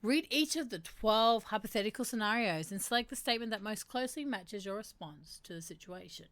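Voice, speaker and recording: Young woman, livestream host, chatty, animated, mid pitch, dry close sound. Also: brisk, no echo. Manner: animated, laughs often, swears casually. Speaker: streamer hosting a mental health segment. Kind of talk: casual livestream chat, reading aloud.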